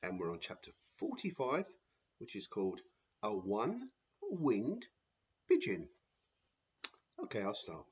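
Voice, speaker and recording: Slow-talking man reading to kids. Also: fairly low pitch, wildly swooping pitch, darkish tone, breathy edge, lo-fi sound. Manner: friendly, chatty. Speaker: children's story reader. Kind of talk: reading aloud to children.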